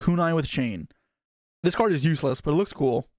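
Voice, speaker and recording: A man's voice: a little high, lively intonation, darkish tone, dry recording, studio quality. A young man chatting casually on a live stream as he opens trading card packs and answers his chat. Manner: chatty, reacting to chat, quick asides.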